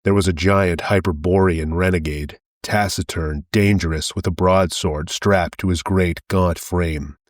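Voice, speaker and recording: A man reads an audiobook in a steady, measured way. His voice is very low, and the recording is dry and close. He keeps an even pace as narrator. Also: dry recording.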